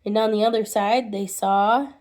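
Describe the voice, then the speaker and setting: A woman reading a children's storybook aloud in an expressive way, with small restarts. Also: mid-range voice, normal speed. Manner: expressive, with restarts and muttered asides.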